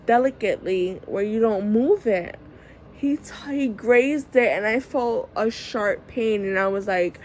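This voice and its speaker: A woman, telling a story in a casual vlog, animated and swearing freely. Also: mid-range voice, a little hiss or hum. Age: 30s. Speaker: vlogger.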